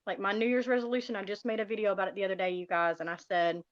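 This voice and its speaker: A woman's voice: mid-range voice, little pitch movement, rapid-fire, dry recording. A middle-aged woman gives an emotional personal testimony on a live stream, speaking earnestly and often calling her listeners "you guys". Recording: dull, dry lo-fi sound.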